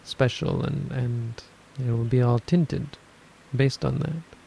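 A man giving a dharma talk on meditation, explaining in a measured way and thinking aloud as he goes. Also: medium pitch, creaky, warm tone, a little hiss or hum, low-quality recording. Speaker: meditation teacher.

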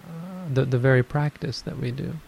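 A man giving a dharma talk on meditation, explaining in a measured way and thinking aloud as he goes. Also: medium pitch, vocal fry, darkish tone, slight background noise, low-quality recording. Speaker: meditation teacher.

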